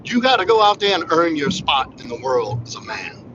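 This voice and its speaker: A man hosting a casual livestream talks through a monologue in a blunt, profane, preachy manner. His voice is a little high and very animated, at a moderate pace, and the lo-fi audio is muffled with background noise.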